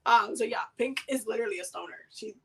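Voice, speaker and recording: A woman's voice: on the high side, fast, sharp tone, husky, rough recording. A woman hosting a live oracle card reading, talking in a loose, slangy, chatty way with lots of fillers and repeated words. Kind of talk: casual livestream chat during card pulls.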